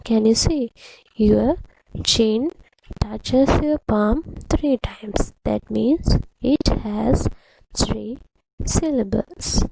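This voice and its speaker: A woman's voice: on the high side, extremely slow, creaky, background noise. A woman teaching a primary English lesson, patiently explaining to children and repeating words syllable by syllable. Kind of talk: slow, deliberate classroom instruction to children.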